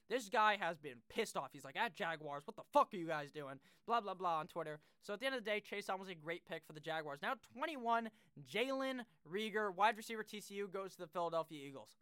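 A young man talks through sports picks in a loose, rambling way, swearing freely and laughing at his own slips. His voice is bright and crisp, and the sound is dry and close, with no room echo. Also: high voice. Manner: rambling, profane and self-deprecating. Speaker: sports fan video creator. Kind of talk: casual draft-pick commentary.

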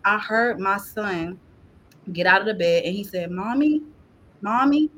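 A woman telling her faith testimony as a podcast guest, with a voice of ordinary middle pitch. She speaks earnestly and with feeling, and strings her thoughts together with a lot of "like". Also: fairly even intonation, normal speed, pushed and bright, a little hiss or hum. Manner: earnest and emotional, heavy use of "like".

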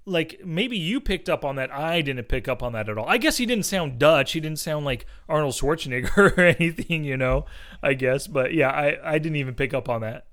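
A man's voice: fairly high pitch, animated, a little fast, a bit bright. An American man co-hosting a casual film chat, enthusiastic and conversational. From United States. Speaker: podcast co-host discussing films.

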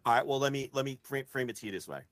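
Excitable man arguing his case, dry close mic. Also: medium pitch, rapid-fire, dry recording. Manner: excitable, swears freely, builds an argument point by point. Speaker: podcast co-host. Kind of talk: casual chat.

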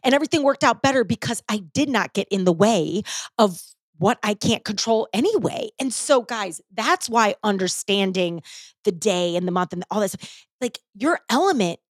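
A woman's voice: medium pitch, lively intonation, normal speed, no room sound. A middle-aged woman hosting a podcast, chatting casually and animatedly, swearing freely and acting out her own past panic. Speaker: podcast host.

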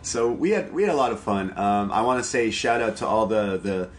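A man from Canada co-hosts a casual podcast, his voice on the low side. He rambles cheerfully and laughs easily. A faint hiss sits under the recording. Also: expressive, fairly quick. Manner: rambling, upbeat, laughs often. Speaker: podcast co-host. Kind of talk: casual chat.

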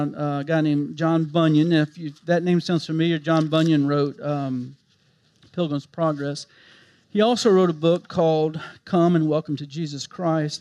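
High-voiced man preaching a sermon. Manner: impassioned preaching that swings from hushed to emphatic. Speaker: pastor.

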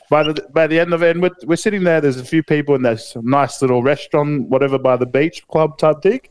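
Aussie bloke yarning on a podcast, smooth clear voice, swears heaps, lots of ums. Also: male voice, fairly high pitch, a little fast, hardly any pauses, dry recording. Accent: Australian. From Australia. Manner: laid-back storytelling, heavy swearing, lots of fillers. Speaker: podcast co-host. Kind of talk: casual chat.

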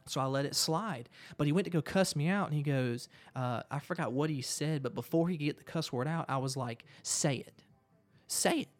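A man telling a personal story as a guest, animated and quick. He stumbles over and repeats words as he rushes ahead. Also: a little high, soft background music. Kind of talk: storytelling in conversation.

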